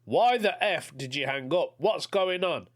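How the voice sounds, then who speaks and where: A man's voice: fairly high pitch, animated, fairly quick, fairly bright tone, voice pushed up. A man voicing an eerie phone caller who mimics a southern wife, breezy and then irritated. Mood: annoyed.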